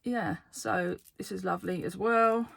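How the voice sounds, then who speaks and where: A woman card game YouTuber from the UK, talking fast and excitedly to camera in a casual vlog, laughing often. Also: medium pitch, vocal fry, no echo. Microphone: camera facing her.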